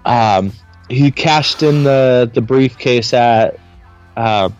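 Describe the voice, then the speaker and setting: A man's voice: medium pitch, extremely slow, smooth, muffled recording, faint music behind. A man co-hosting a podcast, teasing and bantering crudely in casual chat. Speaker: podcast co-host.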